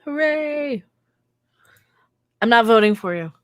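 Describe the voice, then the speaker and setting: A woman's voice: fairly high pitch, expressive, a bit bright, no room sound. Teasing woman, dry close mic. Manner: teasing, quick retorts, laughs often. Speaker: co-host. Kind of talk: casual comedic banter.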